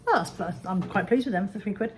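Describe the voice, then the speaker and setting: A woman's voice: medium pitch, fast talker, background noise. A woman from England showing off her second-hand finds in a chatty, jokey, rambling way. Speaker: vlogger showing resale finds. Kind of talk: casual chat.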